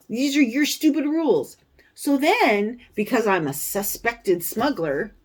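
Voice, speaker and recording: A woman hosting a stitching vlog, telling a story in a casual, animated way with indignant, sarcastic asides. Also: a little high. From United States. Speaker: cross-stitch vlogger, show host.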